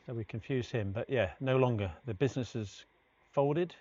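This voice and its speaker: A man's voice: medium pitch, brisk. Chatty male cricket commentator, lo-fi. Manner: chatty, anecdotal, relaxed. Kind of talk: live sports commentary. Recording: dull lo-fi stream audio with faint noise.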